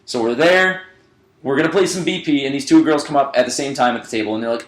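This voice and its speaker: A man's voice: mid-range voice, fairly quick. Young man rambling through a drunk story, echoey room. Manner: rambling, swearing, laughing through his own story. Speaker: podcast co-host. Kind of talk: casual storytelling.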